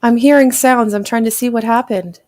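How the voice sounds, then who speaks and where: A woman's voice: a little high, fairly even intonation, normal speed, darkish tone, a little hiss or hum. A woman hosting a livestream in a casual, chatty way and thanking her viewers. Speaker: livestream host.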